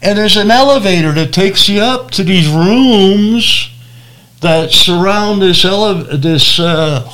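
Man, preacher, storytelling, slightly high voice, unhurried, acts out the voices. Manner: animated storyteller acting out voices and reactions. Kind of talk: storytelling testimony.

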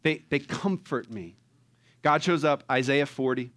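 A man's voice: medium pitch, unhurried, fairly bright tone. A man preaching a sermon from the pulpit in a casual, conversational way, asking his congregation rhetorical questions. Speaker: pastor.

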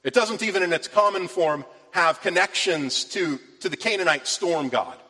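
A man's voice: high-pitched, expressive, normal speed, pushed and bright. A man preaching a sermon from scripture, earnest and rising with emphasis on key phrases. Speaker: pastor. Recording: long reverb of a large hall.

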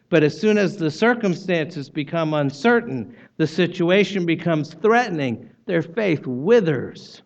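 A man preaching a sermon, rising loud for stress and dropping soft at the ends of his points. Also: sits high, lo-fi sound. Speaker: pastor.

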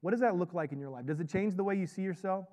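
A man's voice: sits high, rapid-fire, a little mellow. A man who is a pastor and chaplain, preaching a sermon in a conversational way and often checking in with "right?". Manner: conversational, repeats "right?" to draw in the congregation.

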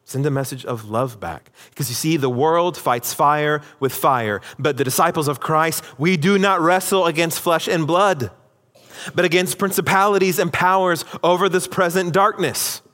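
A man's voice: mid-range voice, a bit bright. A man preaching a sermon to a congregation, emphatic, acting out quoted lines. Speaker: pastor. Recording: long hall reverb.

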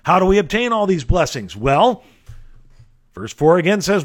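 A man's voice: sits high, very animated, moderate pace, pauses often. A man preaching an expository sermon, earnest and emphatic, with folksy asides to his listeners.

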